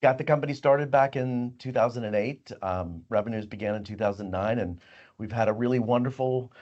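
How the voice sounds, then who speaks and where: A man's voice: medium pitch, a little fast, highs cut off. A middle-aged man, a company head, hosting a casual hot sauce chat and rambling a little as he talks. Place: company office.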